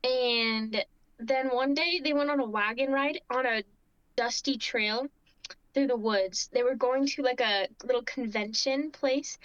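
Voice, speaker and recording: A high-voiced woman describes her tabletop character in a giggly, rambling, hesitant way. Her voice is close and dry with no room around it. The sound is dull and lo-fi. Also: unhurried, a bit bright, no echo. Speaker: player.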